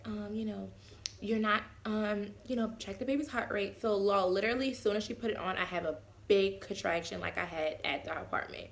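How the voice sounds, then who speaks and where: A young woman vlogger telling a casual, animated story and acting out the quotes. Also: medium pitch, brisk. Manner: animated, acts out quotes with voice swings.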